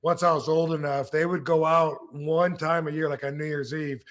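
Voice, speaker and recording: A middle-aged man from Michigan hosts a casual podcast chat. He rambles through a story with plenty of fillers and false starts. His voice sits slightly high for a man. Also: level tone, moderate pace, a bit bright. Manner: rambling with many fillers and restarts. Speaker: podcast host, wrestler.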